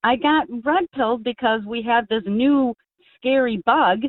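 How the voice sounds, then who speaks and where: Over a tinny, dry phone line, a woman calls in to a talk show for a casual chat. Her voice is fairly high and her pace measured, and she talks earnestly but rambles, restarting often.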